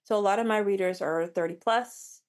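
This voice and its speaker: A woman's voice: medium pitch, moderate pace. A woman romance author as an interview guest, chatting animatedly with frequent restarts. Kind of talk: casual interview chat.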